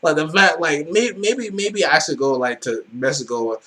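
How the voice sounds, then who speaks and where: A man hosting a reaction video, talking excitably in a casual, swearing, filler-heavy way. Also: a little high, normal speed, a little hiss or hum.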